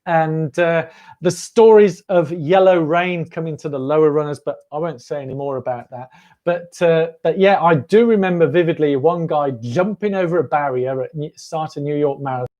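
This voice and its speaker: A man's voice: fairly high pitch, moderate pace, dark tone, muffled recording. A man hosting a running livestream, rambling and chatty with frequent laughs. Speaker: running channel host. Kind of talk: casual livestream chat.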